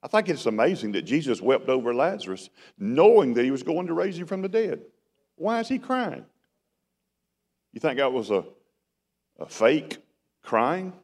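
A man's voice: mid-range voice, very animated, normal speed, darkish tone. A man preaching a sermon in a conversational style that rises to emphatic bursts. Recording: long hall reverb.

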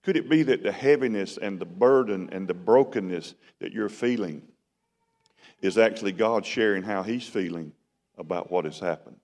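A man's voice: on the low side, moderate pace, darkish tone. A man preaching a sermon in a conversational style that rises to emphatic bursts. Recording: long hall reverb.

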